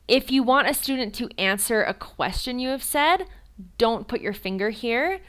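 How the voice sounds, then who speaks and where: A woman's voice: a little high, expressive, a bit bright, smooth. Chatty woman giving teaching tips. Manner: chatty, demonstrates slow exaggerated teacher speech. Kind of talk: casual tutorial.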